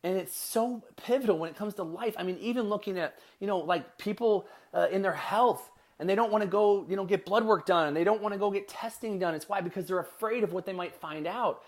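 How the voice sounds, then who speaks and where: A man's voice: high voice, a little fast, few pauses. A middle-aged man tells a family story in a casual, earnest way and speaks straight to his listeners as a podcast host.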